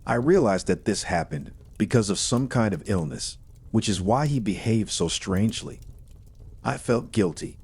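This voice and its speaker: A man reading a first-person horror story in a steady, measured storytelling manner. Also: lowish voice, slightly rough.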